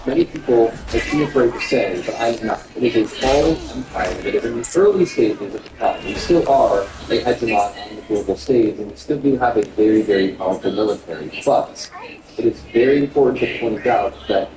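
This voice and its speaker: A man's voice: fairly low pitch, brisk, roomy sound, far from the mic, background noise. A man delivering an emphatic, declarative political commentary monologue.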